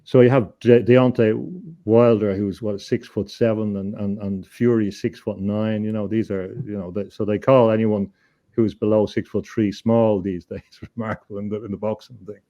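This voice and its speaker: A man, a guest on an interview show, telling a story in an earnest, halting way, often repeating words as he thinks. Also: fairly low pitch, flat delivery, mellow, lo-fi sound. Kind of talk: conversational storytelling.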